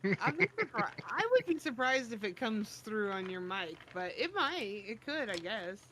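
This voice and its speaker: A friend on a voice call, chatting casually in a relaxed way and laughing often. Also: medium pitch, normal speed, slight background noise. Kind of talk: casual chat over voice call.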